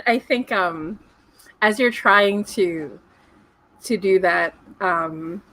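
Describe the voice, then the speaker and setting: Woman running an rpg on a video call, playful and lively, gasps a lot. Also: mid-range voice, drawn-out words, rough recording. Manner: playful, animated, fond of dramatic gasps. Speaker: game master. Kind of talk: running a tabletop game.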